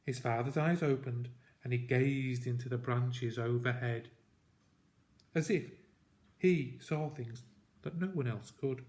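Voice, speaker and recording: A man narrating a storybook aloud at a slow, careful pace. His voice sits at an ordinary middle pitch, and each line is measured and deliberate. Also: darkish tone. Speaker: audiobook reader.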